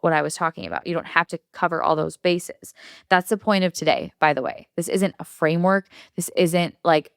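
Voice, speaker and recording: A woman hosting a casual solo podcast, chatty and upbeat, filling her talk with "like" and quick laughs. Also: fairly low pitch, smooth, dry recording, studio quality. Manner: chatty, upbeat, heavy use of "like", laughs often. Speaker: podcast host.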